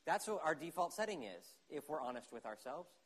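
A man preaching with a slightly higher voice, full of animation. He builds to loud, urgent peaks and then drops to hushed, intense stretches. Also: very animated, a little fast. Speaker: pastor. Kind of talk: sermon.

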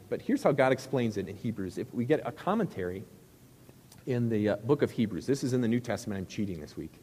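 A man's voice: medium pitch, animated, a little fast, warm tone, husky, big-room sound. A middle-aged male pastor preaching a sermon in a conversational, joking way, with rhetorical questions to the crowd.

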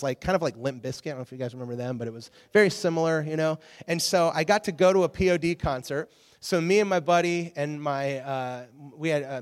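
A man giving a casual sermon, telling a story with lively acted-out quotes to a youth audience. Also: medium pitch. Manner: animated storyteller, acts out quotes. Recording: long hall reverb.

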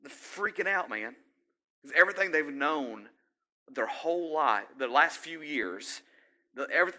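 A middle-aged man preaches in a chatty, conversational way and keeps putting questions to his listeners. His voice is bright and forceful, and his pitch sits in the middle of the range. Now and then he builds to loud, driving exhortation. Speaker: pastor. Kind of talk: sermon.

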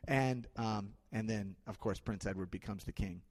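A man's voice: mid-range voice, unhurried, a little mellow. A man with an ordinary middle-range voice retells an old tale to listeners, loose and conversational, often circling back to restart a phrase. His words trail into the long reverb of a large hall. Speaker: speaker retelling a classic story to an audience. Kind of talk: informal spoken storytelling.

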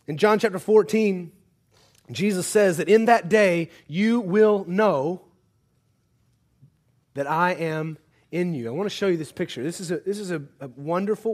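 High-pitched male pastor, sermon delivery, hushed earnest passages and loud urgent exhortation, quizzes the congregation. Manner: asks the congregation questions and jokes with them.

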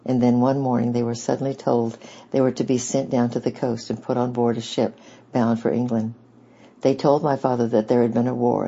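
A man giving steady storybook narration as an audiobook reader. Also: medium pitch, creaky, breathy edge. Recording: dull lo-fi recording.

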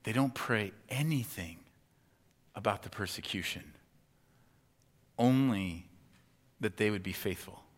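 Man preaching in a reverberant hall. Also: on the low side. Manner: animated, acts out imagined indignant reactions in a raised voice. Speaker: pastor. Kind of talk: sermon.

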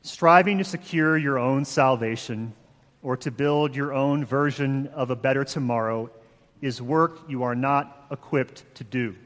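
A man preaching a sermon, measured and emphatic, with slow dramatic pauses. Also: mid-range voice, fairly bright tone, big-room sound. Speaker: pastor.

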